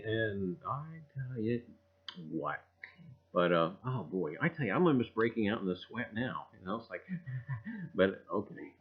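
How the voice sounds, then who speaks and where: A man hosting a casual livestream, rambling and greeting viewers by name with loud cheerful bursts. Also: mid-range voice, very animated, normal speed. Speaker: livestream host. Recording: dull lo-fi stream audio.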